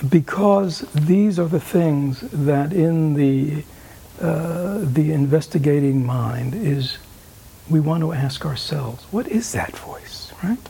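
Guy giving a meditation talk, super husky and breathy, slips into whispers, lots of uh and right?. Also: fairly high pitch, dark tone. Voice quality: often drops to an unvoiced whisper. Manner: halting, many fillers, rhetorical "right?". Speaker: meditation teacher. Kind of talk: dharma talk answering questions.

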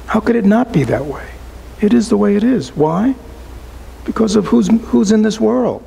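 A man giving a relaxed, conversational dharma talk to a small group as a Buddhist teacher, often asking rhetorical questions and adding "right?". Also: high voice, normal speed, gravelly, a little hiss or hum, rough recording.

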